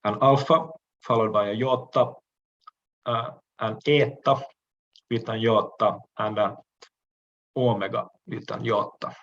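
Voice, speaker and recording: Slow, low-voiced man lecturing. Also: fairly even intonation, fairly bright tone, lo-fi sound. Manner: measured, explanatory, frequent "uh" pauses and restarts. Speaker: language lecturer. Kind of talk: recorded lecture.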